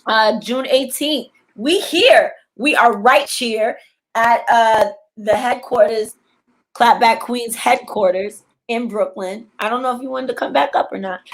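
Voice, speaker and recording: A woman hosting a podcast, signing off in a loose, rambling way from a studio. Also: fairly high pitch. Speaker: podcast host. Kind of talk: casual sign-off chat. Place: studio headquarters.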